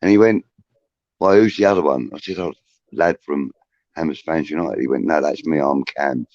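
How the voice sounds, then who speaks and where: Host, late fifties, Scouse, deep and rambling, dull lo-fi webcam sound. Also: male voice, normal speed, a little mellow, no room sound. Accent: Liverpool. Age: 50s. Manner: rambling storyteller with restarts and swearing. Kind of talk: casual chat on a video call.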